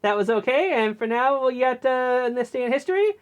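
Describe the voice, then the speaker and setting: A woman's voice: high voice, expressive, fairly quick. A woman co-hosting in casual chat, hesitant and full of filler words. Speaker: co-host.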